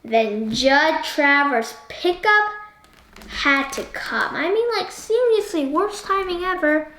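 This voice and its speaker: A woman's voice: high voice, expressive, slow, bright, forceful tone, reverberant. A woman hosting a casual book discussion, rambling and asking the listener one question after another.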